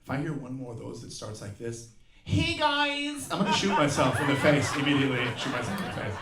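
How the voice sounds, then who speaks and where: A man's voice: medium pitch, fast, a bit bright, a little hiss or hum. A man in his fifties doing a profane stand-up set, ranting in exasperation and mocking people with put-on voices. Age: 50s. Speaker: stand-up comedian. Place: live comedy venue with audience. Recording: roomy live venue with crowd laughter.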